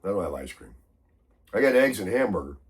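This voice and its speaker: Husky, congested American man chatting. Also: on the low side, big pitch swings, a little fast. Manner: rambling storytelling, grumbling. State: sick, congested and hoarse. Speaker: vlogger. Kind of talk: casual morning chat.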